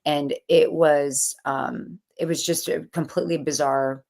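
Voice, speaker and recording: Low-voiced woman telling her story. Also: a little slow, creaky. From California. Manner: animated storyteller acting out quotes. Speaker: guest, author. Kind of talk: conversational interview storytelling.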